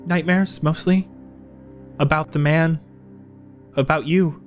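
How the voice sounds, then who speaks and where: A man voicing an anxious young woman haunted by nightmares, speaking in a halting, stammering, earnest way. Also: on the high side, steady tone, faint music behind.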